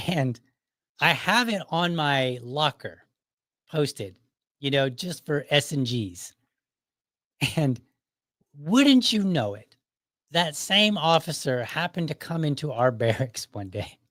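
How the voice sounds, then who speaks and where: A man's voice: a little high, sing-song, slow, pauses often, a bit bright, dry recording. A middle-aged man hosting his own show, telling a casual story in a loose, conversational way and chuckling often as he goes. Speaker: podcast host.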